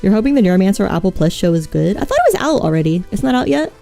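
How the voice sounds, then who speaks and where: A woman's voice: medium pitch, very animated, racing, gravelly, dark tone, soft background music. A woman streamer in casual chat, rambling about films and answering viewers' messages. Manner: chatty, rambling, reads chat aloud. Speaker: vtuber streamer.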